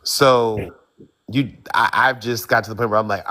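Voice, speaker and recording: A man sharing personal experience in a conversation, speaking haltingly and repeating words. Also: lowish voice, fairly even intonation, pushed and bright.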